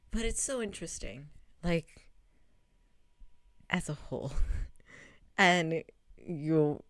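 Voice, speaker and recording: Young woman streamer, rambling game recap, low-ish voice, dry close sound, swears and laughs a lot. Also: no echo. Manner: rambling, animated, swears freely, laughs often. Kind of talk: casual game recap chat.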